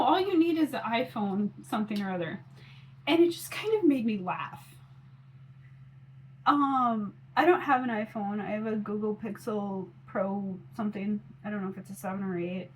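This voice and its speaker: A woman's voice: mid-range voice, a little hiss or hum, rough recording. A woman in her forties chatting casually on her phone camera while doing her makeup, rambling with lots of fillers. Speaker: mom vlogger.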